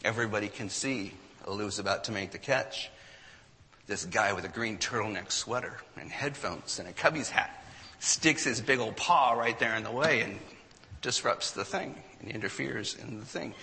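A man with a bright, ringing voice tells a story with lively emphasis, slipping into the voices of the people in it. His speech carries the long reverb of a large hall. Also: lowish voice, moderate pace, vocal fry, a little hiss or hum. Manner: animated storyteller, acts out quotes. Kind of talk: storytelling talk to an audience.

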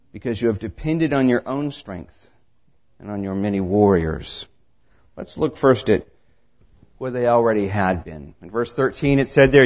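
A man preaching a sermon, reading scripture and telling stories, his delivery swinging between quiet asides and raised emphasis. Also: medium pitch. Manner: tells anecdotes with acted dialogue. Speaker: pastor. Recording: dull lo-fi sermon recording.

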